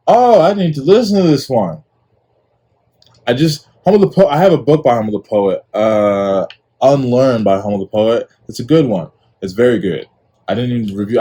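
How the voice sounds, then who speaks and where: A man's voice: medium pitch, dark tone, slightly rough. A young man hosting his own podcast, talking casually and rambling with lots of fillers. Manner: laid-back, rambling with many fillers. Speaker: podcast host. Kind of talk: casual solo commentary.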